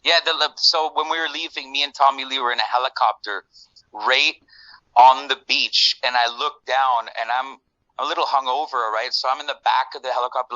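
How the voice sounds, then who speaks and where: A man talks as an interview guest in a loose, laid-back way, cursing often and telling stories with animated energy. His voice is very bright and forceful. It sits dry and close to the mic with no room sound. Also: mid-range voice, a little fast, no room sound, muffled recording. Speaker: musician guest. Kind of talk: casual interview chat.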